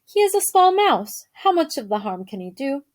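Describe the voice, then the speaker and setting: A woman's voice: mid-range voice, sing-song, fairly quick, darkish tone, close to an everyday voice. A woman voicing a vain mother mouse with a put-on French accent, haughty and dismissive, for a storybook read aloud. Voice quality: mangled grammar, haughty and dismissive.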